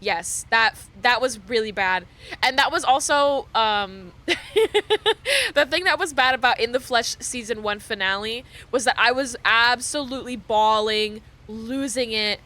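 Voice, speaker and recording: A young woman streamer chatting casually with her viewers, animated, laughing often and swearing freely. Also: a little high, measured pace.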